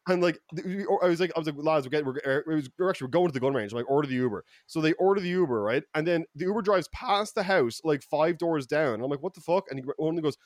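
A man with an Irish accent telling stories on a casual podcast, animated and profane, with sudden loud bursts. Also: on the high side, racing, hardly any pauses, no room sound, studio quality. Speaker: podcast co-host.

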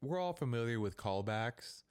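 A man's voice: medium pitch, expressive, a little mellow, clean tone. Rambling young man in casual chat. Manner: quick, rambling, full of "like" and restarts.

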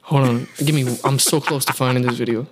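A man's voice: mid-range voice, steady tone, fairly quick, a loud crowd. A young man hosting a podcast, chatting casually and telling a profane, laughing story. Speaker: podcast host. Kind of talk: casual chat.

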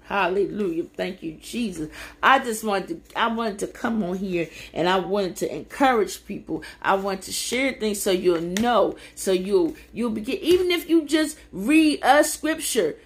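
A woman preaching on a livestream in a fervent, repetitive cadence that climbs into shouts. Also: mid-range voice, animated, a little slow. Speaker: podcast host. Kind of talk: preaching on a social media livestream. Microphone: phone or webcam on a livestream.

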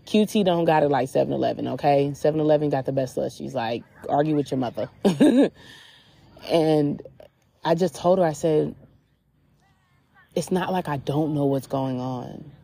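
A woman's voice: low voice, normal speed, vocal fry, pauses often, dark tone. A woman hosting a podcast, talking candidly and casually about her spiritual reflections, with lots of "like" fillers, sitting outdoors at a beach. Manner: candid, chatty, filler-heavy with frequent "like". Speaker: podcast host.

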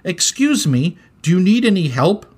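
A man's voice: a little high, big pitch swings, a little slow, fairly bright tone, husky, pitched above the performer's own voice, full character voice. A man voicing Connor, a bold, upbeat young boy dinosaur, in a storybook reading, speaking eagerly.

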